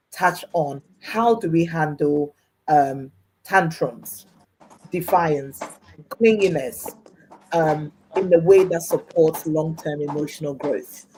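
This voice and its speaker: Woman, host, low voice, brisk, pressed for time, um-filled. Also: slightly rough, rough recording. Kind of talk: livestream panel hosting.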